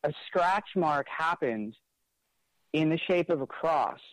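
A man's voice: on the high side, expressive, slow, no echo, low-quality recording. A man recounting a personal experience in an interview, speaking earnestly with frequent "like" fillers and restarts. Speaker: interview guest. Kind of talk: conversational storytelling.

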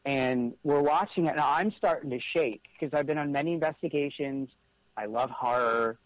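A man's voice: on the high side, moderate pace, no echo, low-quality recording. A man recounting a personal experience in an interview, speaking earnestly with frequent "like" fillers and restarts. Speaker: interview guest. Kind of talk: conversational storytelling.

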